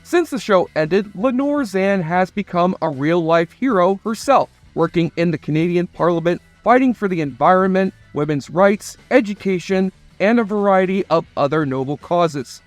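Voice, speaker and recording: A man's voice: sits high, animated, moderate pace, dry recording, soft background music. A man narrating a scripted nostalgia video in a chatty, enthusiastic fan manner.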